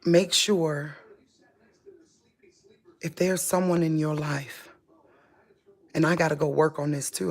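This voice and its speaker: A woman's voice: low voice, level tone, slow pace, pauses often, a little mellow. Impassioned woman preaching to her viewers. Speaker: religious vlogger. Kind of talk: unscripted spiritual monologue to viewers.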